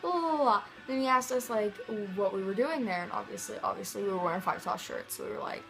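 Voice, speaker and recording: A young woman from Missouri telling a rambling, excitable vlog story, full of "like" and "um". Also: mid-range voice, fast talker, gravelly, soft background music, low-quality recording. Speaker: vlogger.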